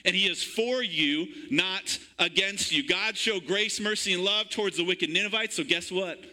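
A man's voice: high-pitched, normal speed, pushed and bright, rough recording. A man preaching a sermon in church, calling out to the congregation for an amen. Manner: call-and-response preaching, asks congregation for amen. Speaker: pastor.

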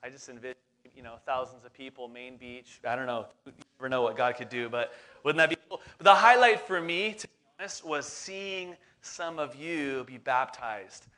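A man's voice: mid-range voice, moderate pace, bright, forceful tone. A lead pastor in his forties preaching a casual sermon, chatty and upbeat, talking straight to the congregation with plenty of fillers and asides.

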